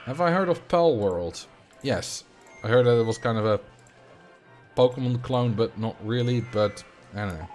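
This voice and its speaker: A man with a Dutch accent talks casually on a livestream, rambling from one thought to the next as he answers viewer chat. His voice sits at an ordinary middle pitch, with soft music playing faintly underneath. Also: animated, moderate pace. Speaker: streamer.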